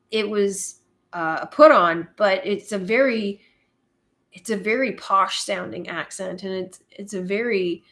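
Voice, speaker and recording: Slow-talking woman hosting a live chat. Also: mid-range voice, fairly bright tone. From Canada. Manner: unhurried, laughs often, reads chat comments aloud and muses with fillers. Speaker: live-stream host reading viewer chat.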